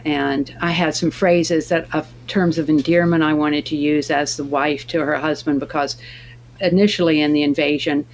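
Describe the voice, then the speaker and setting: A woman, an actress, talking as a guest in a remote interview and telling stories in a lively way, acting out the lines of the people in them. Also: low-pitched, vocal fry, slight background noise. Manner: animated storyteller acting out dialogue.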